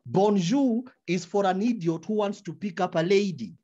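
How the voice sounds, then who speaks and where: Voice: mid-range voice, moderate pace, dull audio. A speaker giving advice at a writing workshop, stumbling over repeated words and dropping into examples. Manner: animated, repeats words while searching for them, drops into quoted examples. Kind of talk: advice talk in a webinar.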